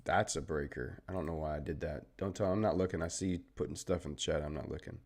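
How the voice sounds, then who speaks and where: A man with a very deep voice and a Southern Texan drawl, talking through market charts on a live stream. He keeps it loose and conversational, explaining setups step by step and chatting with the people watching. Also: steady tone, fast talker, darkish tone. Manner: easygoing, chatty, greets viewers and explains charts. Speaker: trading livestream host. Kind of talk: casual live trading commentary.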